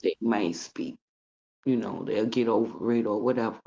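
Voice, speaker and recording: A woman's voice: extremely low pitch, fairly even intonation, normal speed, mellow. A woman in her forties, blunt and profane, tells her story as a casual interview guest. She slips into other people's voices as she recounts what was said. The recording sounds dull and lo-fi. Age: 40s.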